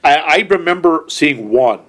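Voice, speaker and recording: A man's voice: fairly high pitch, lively intonation, a little slow, fairly bright tone. Dry-witted man in casual podcast talk. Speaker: podcast co-host. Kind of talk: casual movie podcast chat.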